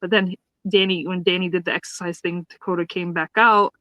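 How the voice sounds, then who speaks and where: A woman's voice: fairly low pitch, steady tone, fairly quick, pushed and bright, no echo, rough recording. A woman co-hosting a podcast, retelling a sitcom episode in casual chat, acting out the characters' lines and laughing often. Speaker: podcast co-host reviewing a sitcom.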